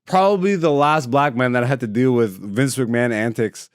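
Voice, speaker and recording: A man hosting a casual podcast, bantering loudly with crude, profane jokes and big outbursts of laughter. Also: medium pitch, normal speed, smooth, no room sound, clean studio sound. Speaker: podcast host.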